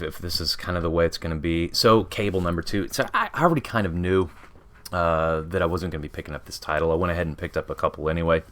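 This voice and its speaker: A man with a deep, fairly bright voice reviews comic books in a casual vlog. He rambles with lots of "you know" fillers and chuckles often as he talks.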